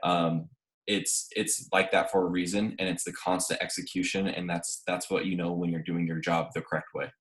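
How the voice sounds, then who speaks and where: Low flat-voiced man on a call. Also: moderate pace. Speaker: real estate agent in a coaching group. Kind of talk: sharing on a group call.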